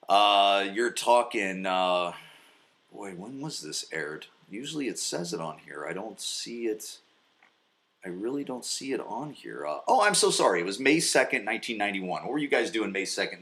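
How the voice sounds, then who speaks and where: A man in his forties hosting a podcast from his basement, recapping an episode in a rambling, profane, excitable way. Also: medium pitch, echoey room. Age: 40s. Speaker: podcast host. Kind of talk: casual solo recap. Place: home basement.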